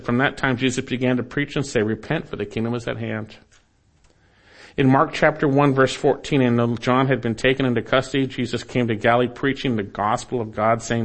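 A man preaching an expository sermon, earnest and exhorting, speaking straight to the listener as a friend and swinging between emphatic and hushed lines. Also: medium pitch. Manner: addresses the listener directly as "my friend".

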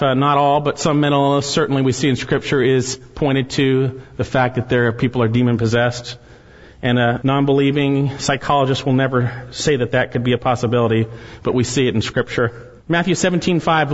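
A man's voice: mid-range voice, steady tone, brisk. Man preaching in a reverberant hall. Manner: reads scripture aloud with rising emphasis. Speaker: pastor. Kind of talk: sermon. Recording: dull sound with long hall reverb.

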